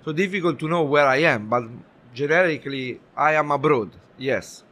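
Italian-accented man, bright voice. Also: a little high. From Italy. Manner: halting, many fillers and restarts. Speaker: guest. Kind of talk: live podcast interview. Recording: faint ambience at a live expo.

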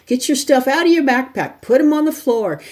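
A woman's voice: sits high, lively intonation, moderate pace, pitched above the performer's own voice. A woman playing a stern, mean female schoolteacher who barks orders at her class. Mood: yelling, bossy. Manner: shouting harsh orders.

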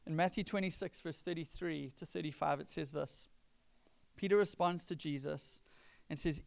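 Gravelly-voiced man preaching conversationally. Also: on the high side, moderate pace. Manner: conversational preaching, acts out quoted lines with rising emphasis. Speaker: pastor. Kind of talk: sermon.

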